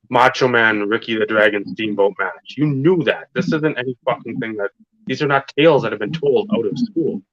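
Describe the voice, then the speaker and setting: A low-voiced man talks loosely on a podcast, swearing freely and hammering his points home. The recording is dull and lo-fi. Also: fairly bright tone, no room sound. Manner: profane, rambling, emphatic wrestling fan talk. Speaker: podcast co-host. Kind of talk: casual podcast chat. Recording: dull lo-fi sound.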